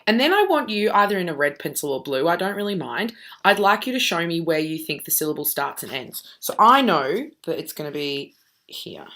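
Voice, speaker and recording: A woman's voice: lowish voice, sing-song, brisk, fairly bright tone. A woman teacher giving a recorded lesson, walking students through a task patiently and checking in with "okay?" after each step.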